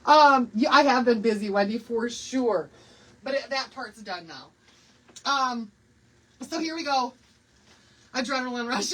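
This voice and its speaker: A woman's voice: high voice, expressive, moderate pace, slightly rough, poor audio. A woman in her sixties hosting a live craft stream, chatty and bubbly, laughing often and greeting viewers by name. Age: 60s. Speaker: craft livestream host.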